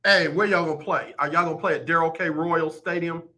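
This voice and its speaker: Emphatic sports radio host, bright voice. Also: male voice, on the high side, fairly even intonation, fairly quick. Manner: emphatic, joking, repeats points for effect. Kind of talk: live sports talk radio. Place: radio studio.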